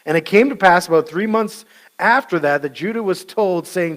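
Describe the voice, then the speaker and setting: A man's voice: high voice, normal speed. A male pastor giving a conversational sermon, casual and joking and acting out scenes.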